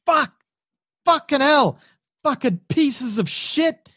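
A man's voice: high voice, lively intonation, moderate pace, fairly bright tone, no echo, clean studio sound, pitched above the performer's own voice. A man voicing a panicked, wounded male soldier who screams and swears in pain. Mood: agonized.

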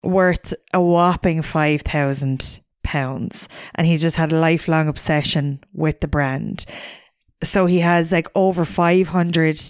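A woman's voice: deep voice, fairly even intonation, slow pace, no room sound, studio quality. A woman co-hosting a podcast in casual chat, giggling as she reads out news items. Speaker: podcast co-host.

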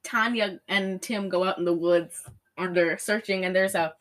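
Bright, giggly woman rambling. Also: lowish voice, steady tone, moderate pace. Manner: giggly, rambling, sarcastic retelling. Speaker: podcast co-host recapping a movie. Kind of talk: casual chat.

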